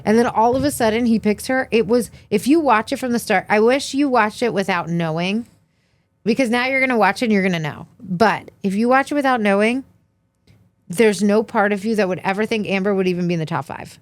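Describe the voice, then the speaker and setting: A young woman co-hosting a podcast recaps reality TV in casual conversation, acting out quotes in many different voices. Her voice sits at medium pitch, she talks fairly quickly, and the recording has no echo.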